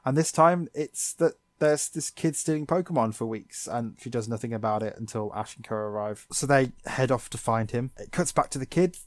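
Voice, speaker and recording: A man co-hosting a podcast, recapping an episode in a sarcastic, animated way. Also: medium pitch, moderate pace, few pauses, dry recording. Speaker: podcast co-host. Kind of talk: casual episode recap chat.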